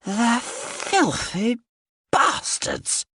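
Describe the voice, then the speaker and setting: A man's voice: extremely high pitch, very animated, extremely slow, sharp tone, breathy edge, no echo, clean studio sound, pitched above the performer's own voice, exaggerated voice. A male narrator voicing a drunk, slurring, grey-haired older soldier with pompous, befuddled dignity in an audiobook. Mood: drunken bluster. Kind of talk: audiobook character voice.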